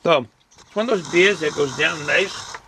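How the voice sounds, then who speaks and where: A man casually reviewing a beer on his vlog, relaxed and rambling, with lots of ums and uhs. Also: fairly high pitch, moderate pace, a little hiss or hum. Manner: relaxed, rambling, many fillers; chews and hums while eating.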